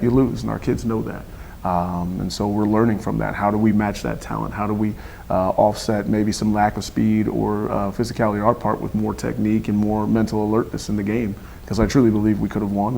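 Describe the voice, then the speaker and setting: Hoarse gravelly football coach, a man. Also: on the low side, a little mellow, a little hiss or hum, low-quality recording. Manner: earnest, measured coach talk with many fillers. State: hoarse, lost his voice. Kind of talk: radio sports interview.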